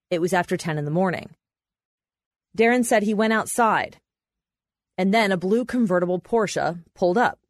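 A woman reporter and podcast host, telling a court story in measured, matter-of-fact scripted narration. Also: fairly low pitch, dry recording, studio quality.

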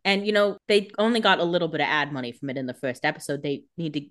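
A woman's voice: low-pitched, animated, quick pace. A woman co-hosting a casual podcast, joking, swearing freely and acting out exasperated reactions. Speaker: podcast co-host. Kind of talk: casual chat.

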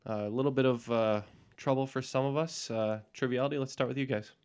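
A man's voice: mid-range voice, a little fast, smooth. A man casually hosting a movie-quote trivia game, hesitating with "uh" often. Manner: relaxed, many "uh"s, reads movie quotes. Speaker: quiz host.

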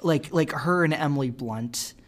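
A woman on a podcast talking casually about a film, halting often with fillers and restarts. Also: low-pitched. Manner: hesitant, many fillers and restarts. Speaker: podcast co-host.

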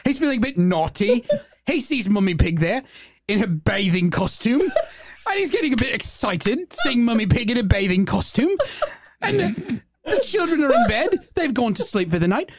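A man's voice: very high-pitched, very animated, moderate pace, pitched above the performer's own voice, heavily acted. A man voicing a prim, dry-mannered British cartoon father pig. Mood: prim, smutty.

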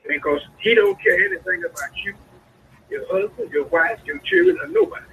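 A man preaching a sermon, a pastor calling out to his congregation with sudden high swoops in his voice. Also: huge pitch swings, brisk, slight background noise. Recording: lo-fi radio broadcast sound.

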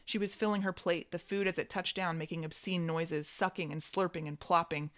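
Woman narrator with a somewhat low voice, wry and measured, reading literary fiction. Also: steady tone.

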